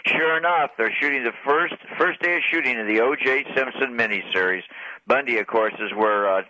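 Bright-voiced male radio reporter, dry studio. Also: medium pitch, brisk, no room sound, lo-fi sound. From Southern California. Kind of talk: casual radio chat.

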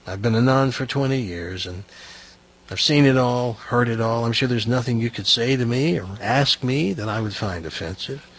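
A man voicing a calm, worldly nun who turns out to be a man in costume, speaking in a soothing, reassuring way. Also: medium pitch, normal speed, husky, pitched below the performer's own voice.

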